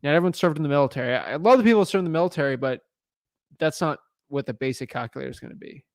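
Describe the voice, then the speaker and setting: Gravelly-voiced man thinking aloud. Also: on the high side, animated, rapid-fire, no echo, studio quality. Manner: thinks aloud with fillers, upbeat on the phone. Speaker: real estate wholesaler cold calling. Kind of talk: casual live commentary and cold call.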